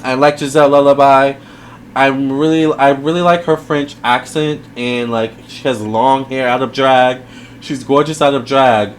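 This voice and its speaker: A man's voice: medium pitch, steady tone, moderate pace, a little hiss or hum. A man giving a casual video review, chatty and rambling, with lots of fillers and side remarks. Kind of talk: casual commentary.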